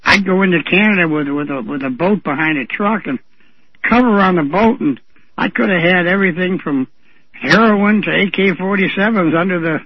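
A man's voice: sits high, moderate pace, slightly rough, no echo. A man chatting on a radio show who tells rambling stories with chuckles. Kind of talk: casual radio talk. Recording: dry, dull lo-fi radio sound.

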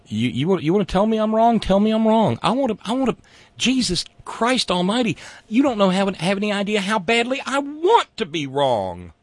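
A man's voice: sits high, very animated, normal speed, no echo. A man hosting a satirical political rant. He is sarcastic and exasperated and stammers as he talks. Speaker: host.

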